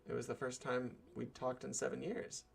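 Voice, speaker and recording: A man's voice: mid-range voice, monotone, moderate pace, gravelly, faint music behind, pitched above the performer's own voice. A man voicing an anxious young woman scientist who pleads timidly and tries hard to please. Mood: hopeful.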